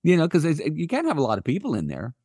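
A man's voice: fairly high pitch, wildly swooping pitch, fast, a little mellow, breathy edge, no echo, studio quality. A man co-hosting a comedy podcast who asks playful, curious questions and spins hypotheticals in casual chat. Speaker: podcast co-host.

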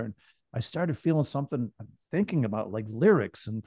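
Mellow-voiced man telling a story. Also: mid-range voice, brisk, slightly rough, dry recording, clean studio sound. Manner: animated, swears, acts out other people's lines. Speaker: podcast guest telling a story. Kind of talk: casual storytelling chat.

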